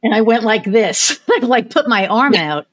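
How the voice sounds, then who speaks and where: A woman's voice: on the high side, lively intonation, measured pace. An American woman hosting a podcast, telling personal stories in casual interview chat and swearing freely. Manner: candid storyteller who swears freely. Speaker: podcast host.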